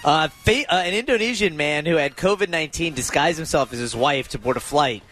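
A man's voice: fairly high pitch, fast talker, a bit bright, faint music behind. A man co-hosting a radio comedy show, reading joke setups and laughing through his punchlines. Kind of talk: joking banter.

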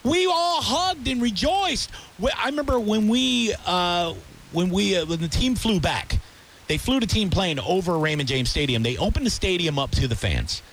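Male sports radio host, high, lively voice, heated ranting delivery. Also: moderate pace, a little hiss or hum. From Tampa area. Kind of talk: sports talk rant.

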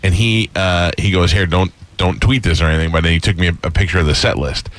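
Low-voiced male radio host. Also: steady tone, fast, a bit bright, dry recording. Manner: laid-back, laughs along, tells his own stories. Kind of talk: casual interview chat.

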